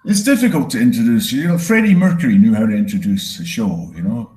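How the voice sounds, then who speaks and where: Scottish man, stand-up comedian, rambling self-mocking delivery, mid-pitched voice, roomy echo. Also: animated, fast talker, few pauses, darkish tone. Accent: Scottish, with some Canadian. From Scotland. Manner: self-deprecating, rambling, swears freely.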